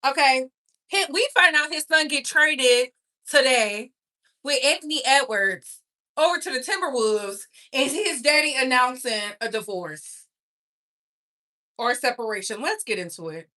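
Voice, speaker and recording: Sassy, bright-voiced woman gossip host. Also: high voice, unhurried. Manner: sassy, animated, talks straight to viewers. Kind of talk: casual gossip commentary to a live chat.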